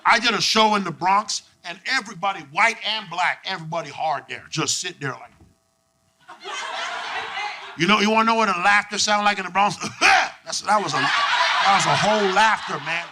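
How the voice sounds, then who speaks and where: A young man performing a stand-up comedy set, loud and profane, working the crowd with lively back-and-forth. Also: high voice, moderate pace. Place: comedy club stage with live audience. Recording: noisy live club recording.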